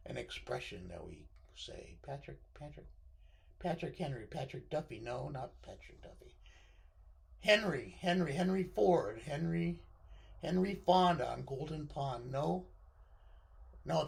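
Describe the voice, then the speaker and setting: A man's voice: on the high side, gravelly, sharp tone. A middle-aged man with a scratchy voice, vlogging from home in a rambling, digressive monologue that keeps stammering and interrupting itself.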